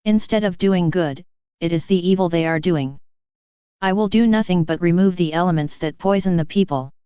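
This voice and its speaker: A woman reading the lines of a gentle, sorrowful divine male speaker in a solemn, tender, unhurried way, with a smooth, clear voice. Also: fairly low pitch, dry recording, close to an everyday voice. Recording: dull lo-fi dry reading.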